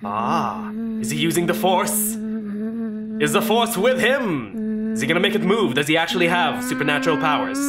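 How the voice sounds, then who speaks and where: A woman doing let's play commentary, excitable and laughing often, swearing at the game and reading its text aloud. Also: medium pitch, normal speed. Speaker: gaming YouTuber. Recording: game music behind her voice.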